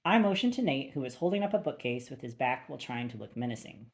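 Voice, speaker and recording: A woman's voice: a bass voice, animated, quick pace, a little mellow. A woman narrating a first-person thriller audiobook with a wry, dry delivery.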